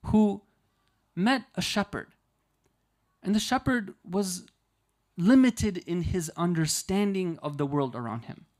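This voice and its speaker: A man's voice: on the high side, darkish tone. Man giving a conversational sermon. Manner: asks the audience frequent "right?" checks; storytelling, explains with analogies. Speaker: Muharram night speaker. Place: community religious centre hall.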